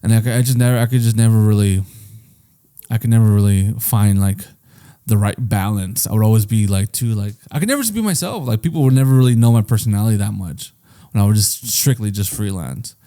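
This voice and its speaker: A man with a low, mellow voice, co-hosting a casual podcast. He rambles, restarts his sentences often and swears casually along the way. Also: animated, fairly quick. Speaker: podcast co-host.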